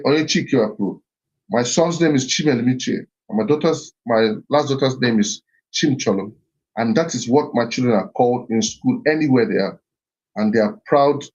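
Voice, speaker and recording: A man's voice: mid-range voice, a little mellow. A middle-aged man giving an earnest, reflective talk on heritage and identity, often repeating himself and restarting phrases. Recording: slightly muffled recording.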